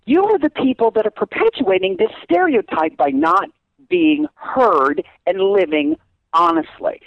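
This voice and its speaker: A man who teaches acting, talking in a casual interview with an animated, emphatic manner. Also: a little slow, vocal fry, no echo. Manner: animated, emphatic, swoops up and down in pitch. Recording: dull lo-fi recording.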